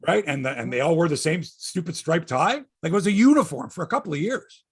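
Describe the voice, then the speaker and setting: Man, middle-aged, from Canada, somewhat high voice, very lively pitch, profane casual sports talk. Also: quick pace, husky. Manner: rambling, profane, wry sports banter. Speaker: sports podcast host. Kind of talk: casual chat.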